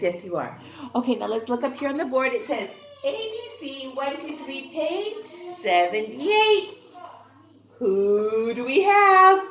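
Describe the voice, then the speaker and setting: A kindergarten teacher speaks in a high, very lively voice that swoops up and down. She takes her time, answering her own questions and cheering the children on. Her voice rings out in an echoey room. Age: adult. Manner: sing-song, asks questions and answers them herself; slow, clear and encouraging. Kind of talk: online class lesson.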